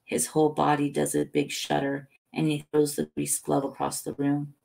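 A woman reading a novel aloud as a bedtime story, steady and low-key. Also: normal speed, gravelly. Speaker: audiobook reader.

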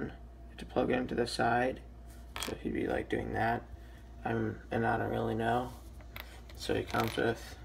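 A young man with a raspy, just-woken-up voice, casually reviewing a toy with lots of ums and restarts. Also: mid-range voice, a little hiss or hum. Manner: hesitant, many ums and restarts.

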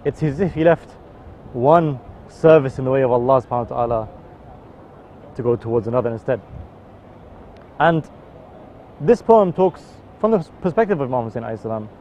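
A man explains and then recites a mournful devotional poem, his voice swelling on cries and dropping soft at line ends. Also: medium pitch, lively intonation, fairly quick, pauses often, slight background noise. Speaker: religious poetry reciter. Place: outdoors in a city. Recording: dull, muffled outdoor recording.

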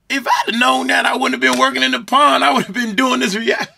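Host man, high and bright, folksy drawn-out reactions. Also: gravelly, a little hiss or hum. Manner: drawn-out exclamations, folksy slang. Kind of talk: casual reaction commentary.

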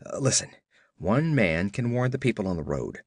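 A man's voice: on the low side, big pitch swings, moderate pace, breathy edge, no room sound, clean studio sound, full character voice. A man voicing a giant barbarian warrior who gives terse, commanding orders. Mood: urgent.

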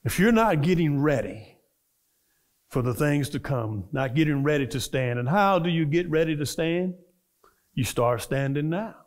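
A man's voice: on the high side, lively intonation, moderate pace. A middle-aged man, a minister, preaching a storytelling sermon and acting out the voices of people in his stories.

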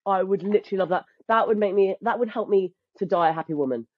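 A woman in her thirties with a medium-pitched voice talks fast as a guest on a podcast, animatedly telling stories, laughing often and restarting her sentences. The casual chat has a dull, lo-fi, dry sound.

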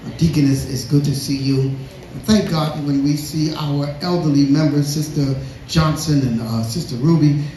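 A man's voice: a little high, fairly even intonation, moderate pace, warm tone, slight background noise. A man preaching a sermon in a church. He reads scripture, repeats words for emphasis and calls on the congregation to respond. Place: church sanctuary. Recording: echoey church hall.

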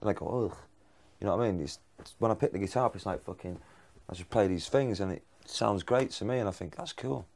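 A man's voice: on the low side, fast, gravelly, a little mellow. A man in a casual interview, talking about his music in a brash, swearing, offhand way. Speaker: band member.

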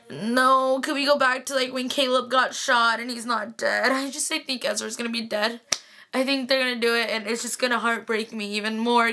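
Bright-voiced young woman gushing as a fangirl. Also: fairly high pitch. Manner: gushing, sighing fangirl talk full of "like" and "freaking". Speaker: TV recap vlogger. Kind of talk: casual excited recap chat to viewers.

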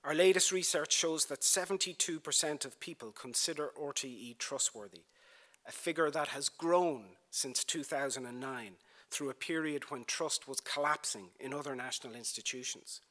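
A man delivering a prepared lecture in a university theatre, building his points through measured rhetorical lists and repetition. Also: mid-range voice, pushed and bright. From Ireland. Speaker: broadcasting executive giving a lecture. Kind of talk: formal prepared speech.

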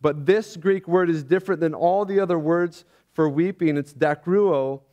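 A man's voice: a little high, warm tone, muffled recording. Earnest man preaching a sermon. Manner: earnest, reflective, often halting. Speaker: pastor. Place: church.

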